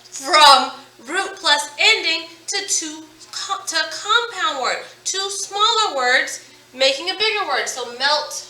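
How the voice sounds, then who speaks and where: A woman teacher leading a phonics lesson, stretching out words slowly and praising her students as she goes. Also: very high voice, lively intonation, bright, forceful tone, reverberant, recorded from a distance, poor audio. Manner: slow, drawn-out word modelling with praise.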